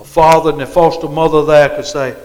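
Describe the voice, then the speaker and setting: A man's voice: on the high side, little pitch movement, a little fast, a little mellow. A man preaching a rambling sermon, his voice swelling and dropping as he repeats himself. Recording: reverberant hall.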